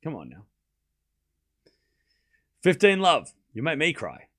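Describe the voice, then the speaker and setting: A male streamer calls tennis rallies live, his slightly raised voice jumping up in pitch and volume on big shots. Between points he drops into a low, blunt, casual rant at his chat. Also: takes it slowly, breathy edge. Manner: excited play-by-play, then ranting casually at chat. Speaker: stream host and tennis commentator. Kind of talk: live watchalong commentary with chat.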